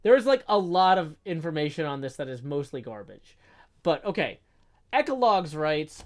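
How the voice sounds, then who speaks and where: A man's voice: a little high, very animated, normal speed. A man live-streaming a game, chatting casually, reading out tips and counting blocks under his breath.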